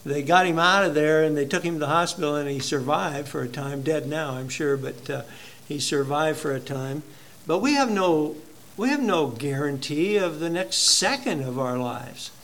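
A male pastor preaching a sermon in a conversational, halting way, telling a personal story to his congregation. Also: on the high side, a bit bright.

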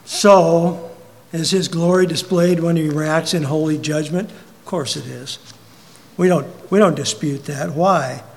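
A man preaching a sermon, asking the congregation rhetorical questions and swinging from emphatic peaks down to quiet, low asides. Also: unhurried, vocal fry. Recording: long hall reverb.

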